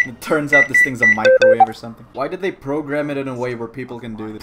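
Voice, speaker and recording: A young man narrates his VR gameplay in a playful, jokey way, trash-talking enemies and shouting when the fights heat up. His pitch sits in a middle range. Game music plays loudly behind him. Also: a little fast. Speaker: gaming YouTuber. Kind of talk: excited VR gameplay commentary. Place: home, playing VR.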